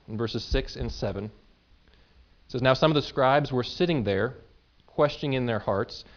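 A man preaching a sermon in a conversational way, explaining with everyday examples and quick asides. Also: medium pitch, dull audio. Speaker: pastor.

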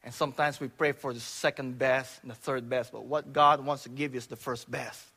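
A man from the Philippines, preaching a storytelling sermon in church, swinging from loud exclamations to hushed asides. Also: mid-range voice, fairly even intonation, a little fast, creaky, slightly rough.

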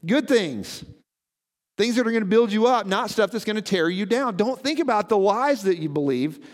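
High-voiced pastor preaching in a reverberant hall. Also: male voice, lively intonation, moderate pace. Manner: conversational, asks the congregation questions. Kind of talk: sermon. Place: church sanctuary.

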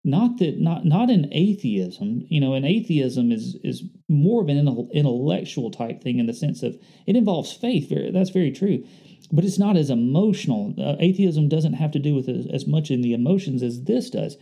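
Earnest man preaching with a warm, mellow voice. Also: a little high, lively intonation, normal speed, gravelly, husky. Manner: earnest, conversational, reflective. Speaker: pastor. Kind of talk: sermon.

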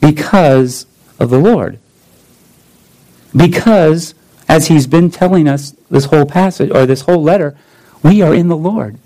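A man in his thirties preaching a sermon as pastor, deliberate, with repeated phrases and rhetorical questions. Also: fairly high pitch, warm tone, poor audio.

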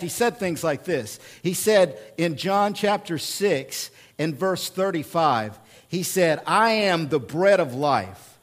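High-voiced preacher with big swings. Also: male voice. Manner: dynamic preacher, swings from hushed prayer to loud storytelling. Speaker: pastor. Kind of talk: sermon.

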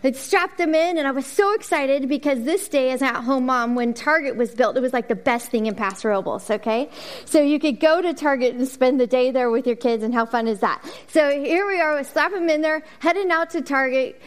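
A middle-aged woman speaking to a church congregation, telling a lively personal story and acting out the voices in it before leading a prayer. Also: high-pitched, fairly quick. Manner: animated storytelling, acting out her own and her kids' voices. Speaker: women's ministry speaker. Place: church service.

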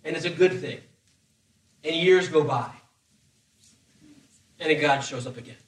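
Animated preacher in an echoey room. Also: male voice, on the high side, measured pace, distant mic. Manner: animated, acts out voices with humor. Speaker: pastor. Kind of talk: sermon.

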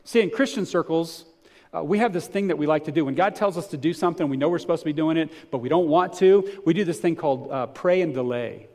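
A pastor preaching a sermon to his congregation in a conversational way, swelling to emphatic points and dropping to softer reflective stretches. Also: on the high side, fast. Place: church before a congregation.

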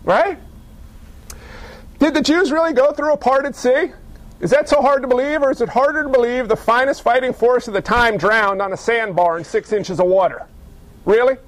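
A male pastor preaching a sermon, lively and full of rhetorical questions and wry asides. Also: very high voice, normal speed.

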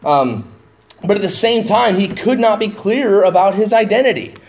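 A man preaching a verse-by-verse sermon in a conversational way, getting animated when he paraphrases. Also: high-pitched, normal speed. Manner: conversational, rising excitedly when paraphrasing Jesus. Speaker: pastor. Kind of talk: expository sermon.

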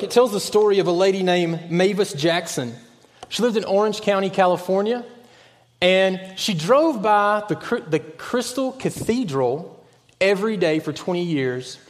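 Earnest high-voiced preacher in a reverberant church. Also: male voice, expressive, measured pace. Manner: earnest, dropping to a hushed voice on key points. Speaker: pastor. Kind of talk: sermon.

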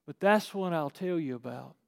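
A male pastor preaching a sermon, swinging between hushed and shouted passages. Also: fairly high pitch, animated, normal speed, gravelly. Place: church sanctuary. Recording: echoey church hall.

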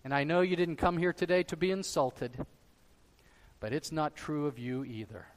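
A man's voice: a little high, moderate pace. Emphatic preaching man in a reverberant hall. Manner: emphatic preaching, swinging between loud stresses and quiet drops. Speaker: pastor. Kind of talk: sermon.

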